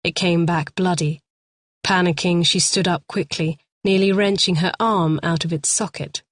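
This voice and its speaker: Female audiobook narrator, low register, tense measured delivery, dry studio sound. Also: steady tone, no echo. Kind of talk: scripted thriller narration.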